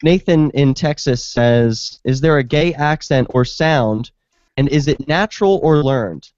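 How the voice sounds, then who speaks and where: A man's voice: medium pitch, unhurried, a little mellow, no echo. A man hosting a casual talk show, chatting, asking probing questions and reading out listener comments. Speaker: show host. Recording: dry, dull lo-fi sound.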